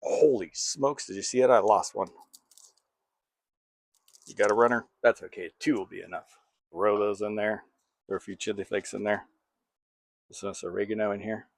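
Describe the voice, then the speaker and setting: Gravelly low-voiced man cooking at home. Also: little pitch movement, moderate pace, long pauses, no room sound. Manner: playful, jokey self-talk while cooking. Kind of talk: casual cooking vlog. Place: home kitchen.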